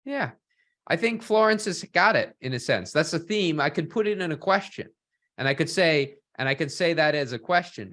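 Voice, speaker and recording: A man's voice: a little high, lively intonation, moderate pace, a bit bright. A man teaching an online workshop, asking questions of his audience and often tagging sentences with "right?". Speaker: workshop instructor.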